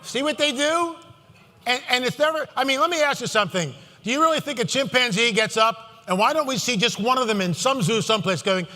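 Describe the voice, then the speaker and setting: A man giving a live Christian prophecy talk to an audience, sarcastic and animated, full of rhetorical questions. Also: extremely high pitch, fairly quick. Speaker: conference speaker. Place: large hall. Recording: long hall reverb.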